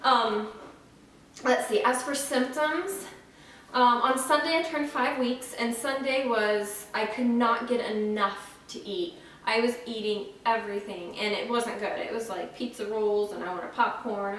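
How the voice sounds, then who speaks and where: A young woman from Florida chats frankly into a camera set back from her, filling pauses with ums and restarting her thoughts. She sounds dry-mouthed and slightly out of breath. The room is strongly echoey, with a faint hiss underneath. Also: mid-range voice, fairly bright tone, distant mic. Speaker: vlogger. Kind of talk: casual pregnancy update vlog. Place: at home, indoors.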